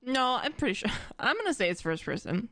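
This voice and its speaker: Animated woman chatting, very lively pitch. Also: a little fast, no echo. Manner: animated and self-described dramatic. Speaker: live streamer. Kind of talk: casual chat to a live audience.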